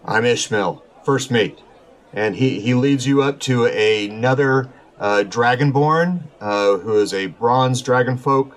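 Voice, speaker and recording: A male podcast host narrates a tabletop adventure as game master. He talks slowly and loosely, pausing often on filler sounds as he builds each scene. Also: mid-range voice. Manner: relaxed narration with frequent filler pauses.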